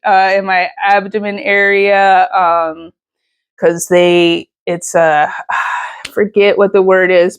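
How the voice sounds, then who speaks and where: A woman, telling a personal story in a casual vlog, emotional and rambling with many fillers and restarts. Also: mid-range voice. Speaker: vlogger.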